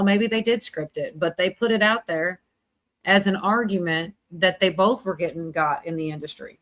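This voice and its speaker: Livestream host, woman, mid pitch, rambling casual chatter, laughs a lot. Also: fairly bright tone. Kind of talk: casual chat.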